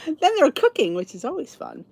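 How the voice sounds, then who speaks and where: A middle-aged woman with a Philly accent, from around Philadelphia, hosts a podcast and chats with her viewers in a rambling, casual way. Her voice sits high, swings hugely in pitch, and moves at a normal speed, with vocal fry and a slightly mellow quality. She keeps restarting and tossing in asides as she goes.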